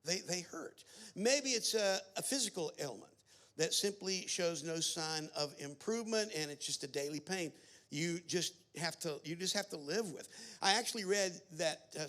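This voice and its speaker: A man's voice: fairly high pitch, a bit bright. A man giving a sermon at a family camp, telling a story with many fillers and restarts. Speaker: camp speaker.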